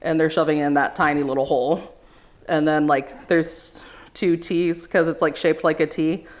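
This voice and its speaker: A young adult woman hosting a podcast, telling stories in a profane, animated way during casual chat. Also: low-pitched, moderate pace. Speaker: podcast host.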